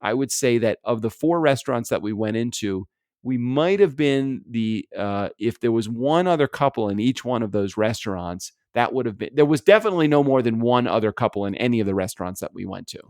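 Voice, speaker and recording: A man's voice: medium pitch, expressive, a little fast, darkish tone, no echo, studio quality. An American man co-hosting a podcast in casual chat, rambling, laughing often and swearing freely. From United States. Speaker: podcast co-host. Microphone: remote podcast recording setup.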